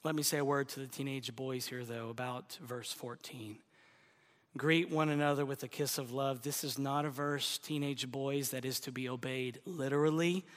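A middle-aged male pastor preaching a sermon in a church, telling stories with lively rhetorical questions. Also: medium pitch, normal speed, big-room sound. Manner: animated storytelling with rhetorical questions. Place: church sanctuary.

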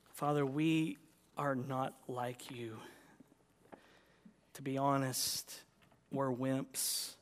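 A man's voice: medium pitch, little pitch movement, slow pace, long pauses, fairly bright tone, a little hiss or hum. A man preaching a sermon as pastor, emphatic and impassioned, in a church. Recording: long reverb of a large hall.

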